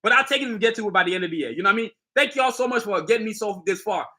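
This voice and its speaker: High-pitched and rapid-fire, with lively intonation and a pushed, bright sound, a middle-aged man hosts a casual live stream. He is a sneaker designer boasting about his line in street slang while talking directly to viewers throughout.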